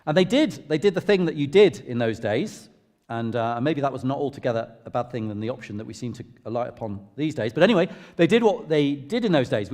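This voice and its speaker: A middle-aged English vicar sharing a personal testimony in church, in a conversational, self-deprecating storytelling way. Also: male voice, medium pitch. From England. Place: church hall. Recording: long reverb of a large hall.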